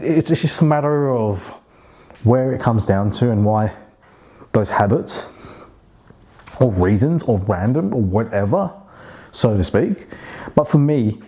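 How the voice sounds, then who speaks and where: A man's voice: medium pitch, mellow. A man talking casually to camera in a rambling monologue full of restarts and fillers. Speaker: vlogger.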